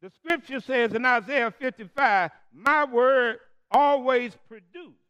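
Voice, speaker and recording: A man's voice: extremely high pitch, takes it slowly, fairly bright tone, clear, resonant tone, muffled recording. A man preaching a call-and-response sermon, as a Methodist preacher who throws questions to the congregation and draws out the key words.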